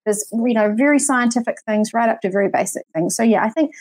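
A New Zealand woman in her forties chats as a podcast guest. Her voice sits a little high and is recorded dry and close. She rambles and hedges, filling gaps with "like" and "you know". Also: quick pace, darkish tone, no echo. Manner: rambling, hedging, many fillers. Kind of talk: casual podcast chat.

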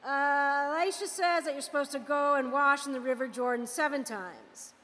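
A woman's voice: high voice, normal speed, a bit bright, in a large hall. A woman voicing a cheeky, offhand young male servant in a retold scripture story.

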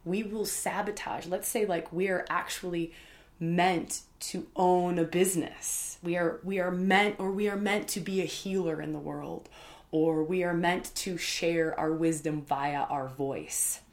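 A woman's voice: on the low side, fairly even intonation, measured pace. Candid woman telling a personal story. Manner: candid, emphatic, lots of fillers and repeats. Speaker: podcast host.

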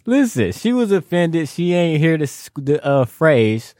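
A young man co-hosting a casual podcast, telling animated, slangy stories. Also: fairly high pitch, measured pace, no echo, studio quality. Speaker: podcast co-host.

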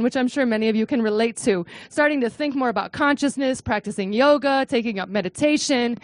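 High, animated woman lecturing. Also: no echo. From US Midwest. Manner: animated, frequent "right?" asides; acts out quotes in a high excited voice. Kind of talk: academic talk to a live audience.

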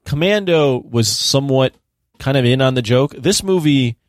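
A man's voice: mid-range voice, moderate pace, no echo, studio quality. A man co-hosting a podcast, casually musing about films and quoting his own thoughts. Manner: relaxed, quotes himself, repeats words. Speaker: podcast co-host. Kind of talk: casual movie chat.

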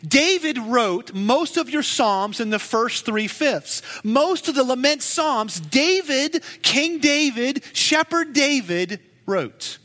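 Male pastor, high voice, unhurried; impassioned sermon in a reverberant hall. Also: sharp tone. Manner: emotive preaching, rising to urgent pleas then dropping low.

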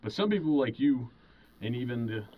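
A man, a podcast co-host, chiming in casually with short, halting remarks. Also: medium pitch, expressive, phone-quality sound, a little hiss or hum. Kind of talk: casual chat.

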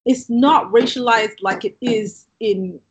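A fairly high-voiced woman with a London-tinged accent worn by time in Canada, telling her story in a relaxed, conversational way. She talks in animated bursts and scatters "like" through her sentences. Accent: London English, shifted by years in Canada. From Southeast London, England. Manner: animated storyteller, frequent "like" fillers, quick asides. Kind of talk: casual conversation.

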